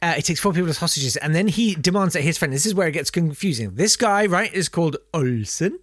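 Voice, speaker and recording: Man, comedy podcast host, lively up-and-down delivery, jokey storytelling. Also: a little high, fairly quick, no room sound, clean studio sound. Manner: animated, laughing, jokey put-on voices. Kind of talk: comedic history storytelling chat.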